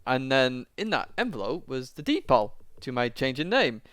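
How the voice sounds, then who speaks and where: A man's voice: mid-range voice, sing-song, moderate pace, fairly bright tone, smooth, no echo, clean studio sound. A young man, a YouTuber, telling a long personal story to camera in a rambling, casual way. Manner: rambling, lots of fillers, tearing up at moments.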